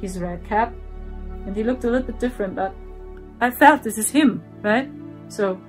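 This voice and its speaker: A woman telling her own story in earnest, repeating herself and dropping to a hushed voice for the dark parts. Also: medium pitch, moderate pace, soft background music. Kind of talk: personal storytelling.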